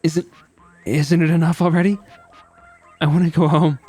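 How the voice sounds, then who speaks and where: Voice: medium pitch, level tone, moderate pace, a little mellow, faint music behind, pitched above the performer's own voice, close to an everyday voice. A streamer voicing a nervous young male prisoner in a game, stammering and apologetic. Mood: pleading. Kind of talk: reading game dialogue aloud.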